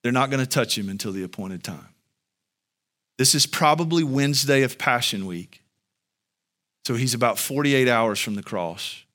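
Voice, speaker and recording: A man delivers a sermon in an earnest, conversational way, talking straight to his congregation. His voice sits at an ordinary middle pitch, then climbs high and loud when he drives a point home. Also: expressive, normal speed, pauses often. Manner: conversational, addresses the congregation directly. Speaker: pastor.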